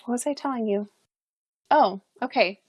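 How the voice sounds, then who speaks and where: A woman's voice: a little high, moderate pace, a little mellow, slightly rough, no room sound. A young adult woman, a podcast guest, telling a personal story in a chatty way, full of fillers and restarts and frequent laughs.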